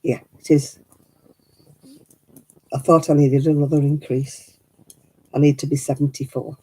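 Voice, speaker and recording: A woman's voice: rumbling low, flat delivery, a little slow, mellow, breathy edge, rough recording. A middle-aged woman chatting casually at home while she crafts. She tells stories and laughs often. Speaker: craft vlogger.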